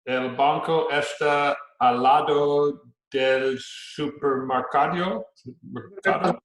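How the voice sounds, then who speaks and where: A male student in an online class answers slowly and haltingly, with lots of hesitation. His voice comes through a video call from an echoey room. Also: a little high, a bit bright. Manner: hesitant, many uh fillers.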